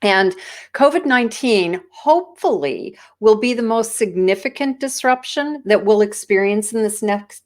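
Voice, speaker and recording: A woman with an American accent giving an enthusiastic, polished business presentation as a guest speaker. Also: medium pitch. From United States. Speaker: keynote speaker.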